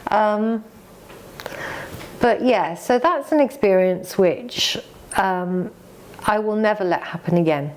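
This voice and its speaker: A middle-aged English woman co-hosting a vlog, candidly and emotionally retelling a hard experience, halting and choked up at times. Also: mid-range voice, darkish tone, a little hiss or hum. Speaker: vlog co-host. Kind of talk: candid conversation.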